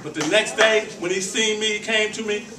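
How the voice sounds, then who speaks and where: A man's voice: high voice, steady tone, brisk, pushed and bright. A man leading a chess program, giving an earnest, preacherly speech at a community meeting in a hall. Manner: earnest, preacherly, rising to fervor. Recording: echoey hall, distant mic, crowd.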